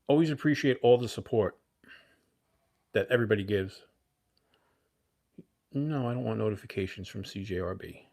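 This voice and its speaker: Chatty, rambling man with a lower voice. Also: moderate pace, long pauses, a little mellow. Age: 50s. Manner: rambling, chatty, talks to viewers and himself. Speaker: livestream host. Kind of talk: casual livestream chat.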